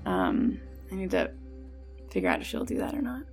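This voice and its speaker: A woman's voice: rumbling low, wildly swooping pitch, moderate pace, vocal fry, a little mellow, soft background music. A woman player who describes her character's actions, chatty and full of "like".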